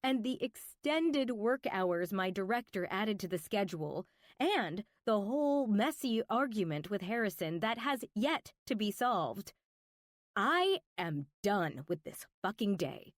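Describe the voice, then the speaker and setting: A woman's voice: medium pitch, sing-song, measured pace, no room sound, clean studio sound. A woman reading a first-person romance audiobook, intimate and emotional, with whispered asides. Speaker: audiobook narrator.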